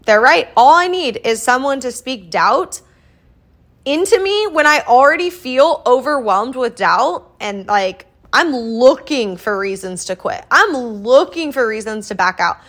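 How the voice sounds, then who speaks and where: A woman's voice: high voice, expressive, a little slow, fairly bright tone. A young woman from Iowa hosting a solo podcast, talking in a casual, earnest, motivational way with lots of "like" fillers. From Iowa, US Midwest. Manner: earnest and chatty, with many "like" fillers. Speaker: podcast host.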